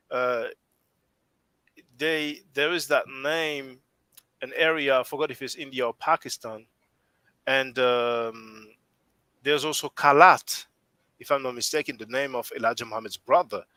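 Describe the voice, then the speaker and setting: French-accented male stream host, bright tone, thinks aloud with frequent restarts. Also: mid-range voice, no room sound, poor audio. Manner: rambling, restarts often while thinking aloud. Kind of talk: casual discussion on a live stream.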